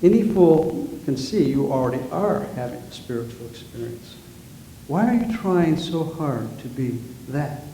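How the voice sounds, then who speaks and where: Man voicing a serene old male teacher, hushed soft chanting, warm tone, roomy hall. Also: medium pitch, very animated, a little slow, a little hiss or hum, voice pushed down. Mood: gentle. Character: calm older male master teacher, gentle.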